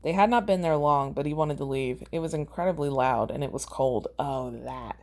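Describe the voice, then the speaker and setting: Low-voiced woman reading her story. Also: moderate pace, darkish tone. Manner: chatty, laughs at her own writing. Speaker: host rereading her own fan fiction. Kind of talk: reading aloud with casual commentary.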